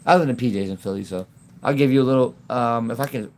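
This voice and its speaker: This is a man talking off the cuff to viewers of his livestream on his phone. His speech rambles and halts, with many phrases left unfinished, and he laughs often. His voice sits at an ordinary pitch for a man. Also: fast. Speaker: YouTube livestreamer. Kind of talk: casual livestream chat.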